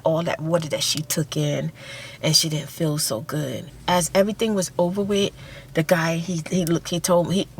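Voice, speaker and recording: A middle-aged woman telling a long story in a soft-spoken ASMR style, rambling and repeating herself for emphasis. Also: low voice, a little hiss or hum. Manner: rambling and repetitive, emphatic retelling; drops to a whisper for quoted speech. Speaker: ASMR channel host.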